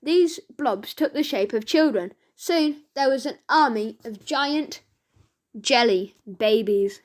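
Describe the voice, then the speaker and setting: A woman reading a children's audiobook aloud, slowly and with the odd stumble and self-correction. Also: a little high, lively intonation. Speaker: reader.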